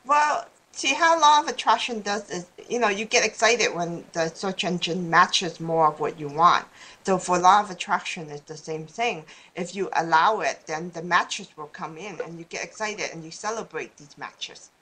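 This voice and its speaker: Woman guest, lowish voice, loose rambling delivery with frequent restarts, chatty interview tone. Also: moderate pace, pushed and bright. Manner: rambling, restarts often, laughs easily. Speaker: guest speaker on law of attraction. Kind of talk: casual podcast interview.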